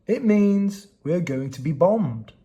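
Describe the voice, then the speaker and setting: An earnest, caring schoolgirl in a children's storybook, as a man reading aloud puts her on. It is barely changed from a plain reading voice. The delivery is slow and lively in tone. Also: high-pitched, breathy edge, highs cut off, full character voice.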